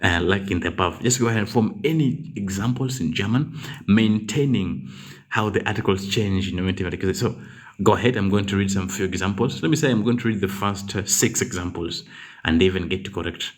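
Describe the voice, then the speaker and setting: A man's voice: low voice, brisk. A man tutoring a live German grammar class, patiently reading out students' example sentences and correcting them.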